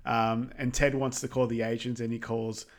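A man's voice: mid-range voice, level tone, moderate pace. A man co-hosting a podcast, recapping a film in casual chat, rambling with lots of fillers and quoting lines. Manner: rambling, filler-heavy retelling with quoted lines. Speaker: podcast co-host.

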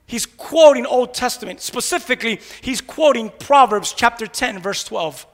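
High, bright-voiced shouting preacher. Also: male voice, animated, moderate pace, big-room sound. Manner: preachy call-and-response, rhetorical "what?" questions; mocking grumblers in mumbled asides. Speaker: pastor. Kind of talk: energetic sermon. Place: church sanctuary.

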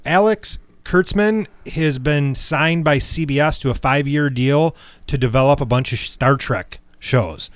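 A man co-hosting a podcast, relaxed as he covers sponsors and news. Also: a little high, measured pace, no room sound. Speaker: podcast co-host. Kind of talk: casual chat.

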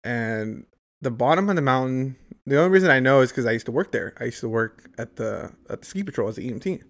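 With a slightly bright, mid-range voice, lively intonation, and a fast pace, a young adult man tells a long, rambling story in casual chat. He swears freely and keeps dropping "like" and "dude."

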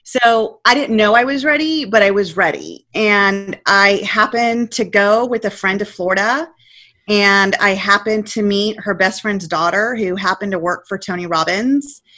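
A woman's voice: mid-range voice, measured pace. A woman in her forties, a podcast guest, telling her story casually and acting out her own panicked quotes. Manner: animated, acts out her past self's panicked quotes.

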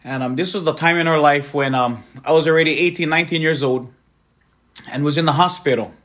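A man's voice: on the high side, a little fast, fairly bright tone. A man tells his conversion testimony with earnest, heartfelt feeling. His voice sits a little above the usual male register, and he speaks as a working evangelist addressing a congregation. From Hawaii. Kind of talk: personal testimony.

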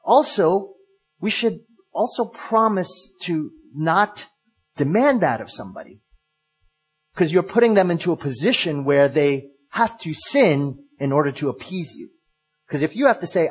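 A man preaching a sermon from the pulpit with earnest emphasis, stopping and restarting his phrases as he presses each point. His voice sits a touch higher than most men's. It has a husky, slightly breathy edge. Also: animated, normal speed. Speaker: pastor.

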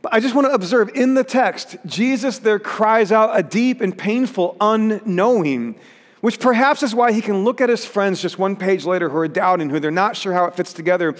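A man's voice: high voice, moderate pace, in a large hall. A pastor preaching a sermon in an earnest way, rising to emphatic peaks as he reads scripture.

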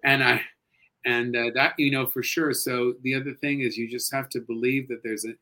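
A middle-aged man, a guest actor and comedian, chatting casually in an interview, expressive and animated, swinging between loud and hushed. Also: medium pitch, normal speed, low-quality recording.

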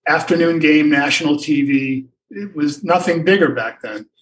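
An older man, a sportswriter, spins long anecdotes, wandering and restarting as he goes. His voice sits slightly high for a man and sounds a little distant from the microphone. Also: normal speed. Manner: rambling, many restarts and asides. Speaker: sportswriter guest. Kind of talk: anecdotal storytelling in a podcast interview.

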